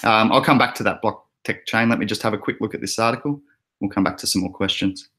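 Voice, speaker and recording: A man's voice: lowish voice, fast talker, bright, forceful tone. An Australian man hosting a casual livestream, rambling and chatty with frequent fillers and laughs. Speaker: crypto channel host.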